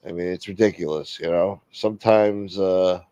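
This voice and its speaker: Brief: middle-aged male stream host, low-pitched, cursing and grumbling, muffled dry audio. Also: steady tone, moderate pace, dark tone, no room sound. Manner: profane, rambling, complaining. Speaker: livestream host. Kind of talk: casual livestream talk.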